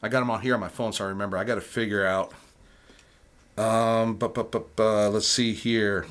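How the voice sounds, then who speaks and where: A man's voice: fairly low pitch, level tone, fairly quick, a bit bright. A man in his forties, co-hosting a podcast in an easygoing, agreeable way. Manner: laid-back, easygoing, agrees a lot. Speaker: podcast co-host. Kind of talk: casual chat.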